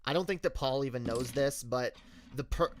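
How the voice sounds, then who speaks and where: A male streamer telling a story in a candid, halting way, often restarting his sentences. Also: mid-range voice, slight background noise. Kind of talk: casual storytelling rant.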